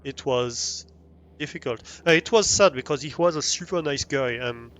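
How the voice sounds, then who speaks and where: A man's voice: medium pitch, normal speed, a bit bright. A man with a French accent chatting casually while livestreaming a game, rambling with frequent restarts and easy laughs. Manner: rambling, many restarts and ums, laughs easily.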